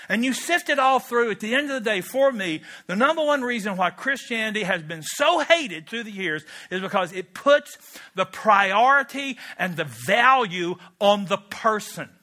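High, bright-voiced preacher. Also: male voice. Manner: emphatic, storytelling, conversational asides. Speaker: pastor. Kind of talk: sermon.

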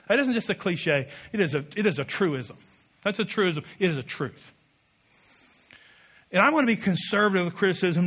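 A man preaching a sermon with passion, building to loud peaks and dropping to quiet asides, leading the congregation in call-and-response. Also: sits high. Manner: impassioned, rising to shouted peaks, drops to quiet asides. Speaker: pastor.

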